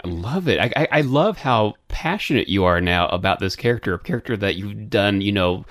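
A man's voice: on the low side, animated, fairly quick, fairly bright tone, no echo. A man interviewing a guest casually, asking questions and giving short, eager replies.

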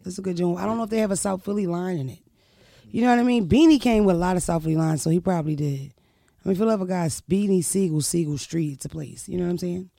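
A young woman from Philadelphia hosts a loose podcast chat, loud and brash with plenty of swearing. Her voice has a gravelly fry. The sound is dry and close. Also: lowish voice, quick pace, dry recording. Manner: loud, brash, animated, profane. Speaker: podcast host. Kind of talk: casual chat.

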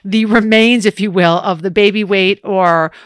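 A woman's voice: mid-range voice, steady tone, moderate pace, clear, resonant tone, no room sound, studio quality. A woman co-hosting an advice podcast, chatting casually with lots of laughter and fillers. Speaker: podcast co-host.

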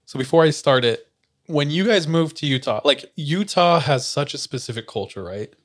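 A man's voice: on the high side, expressive, normal speed. A young man hosting a podcast, telling a story casually, full of "like" fillers and frequent laughs. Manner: laughs often, many "like" fillers. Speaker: podcast host.

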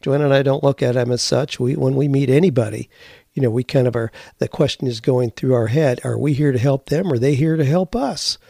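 A middle-aged man hosting a show, telling stories in a folksy, animated way. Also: medium pitch, a little fast, vocal fry, no room sound, studio quality. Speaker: podcast host. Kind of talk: casual storytelling.

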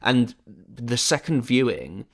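A man with a mid-range voice co-hosting a casual podcast. He recaps a film's plot in a relaxed way, dropping wry, candid asides as he goes. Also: medium pitch, slow pace. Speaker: podcast co-host. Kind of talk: casual film discussion.

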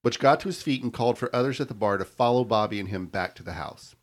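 The crime story comes from a podcast co-host with a mid-range voice who talks fast. He reads it out steadily in a casual chat, though tricky names trip him up.

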